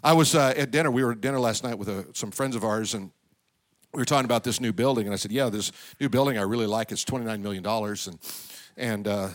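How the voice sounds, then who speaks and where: A man preaching a sermon as pastor of a church. He swings between loud, high exclamations and low, quiet asides. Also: quick pace.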